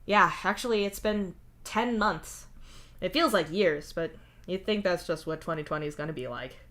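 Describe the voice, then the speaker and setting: A woman reading fan fiction aloud in a steady, wry second-person narration. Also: fairly low pitch, normal speed. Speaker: fanfic reader.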